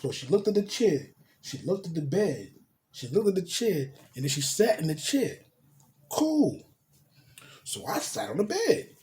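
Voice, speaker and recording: A man's voice: high-pitched, big pitch swings, unhurried, dark tone, slight background noise. A man telling a crude personal story in casual slang, dropping in spoken sound effects. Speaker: storyteller vlogger.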